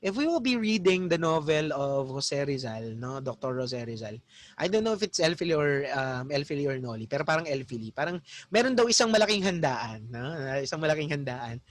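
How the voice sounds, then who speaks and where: A man's voice: a little high, big pitch swings, fairly quick. Filipino man teaching a philosophy class. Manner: mixes Tagalog and English, tags lines with "no?". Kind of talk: lecture.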